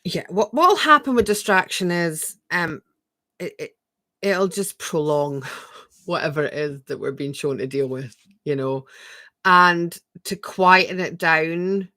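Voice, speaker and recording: A woman coaching viewers on a live stream, talking gently and asking a lot of rhetorical questions. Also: low-pitched, no room sound. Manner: reads viewer comments aloud and answers them. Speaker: spiritual coach.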